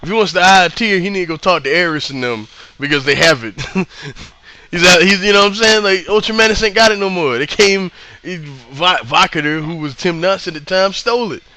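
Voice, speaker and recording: Bright-voiced man, chatty and excitable. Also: high-pitched, brisk. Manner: laid-back and excitable, laughs often, slangy, repeats himself. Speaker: wrestling show reviewer. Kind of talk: casual unscripted review.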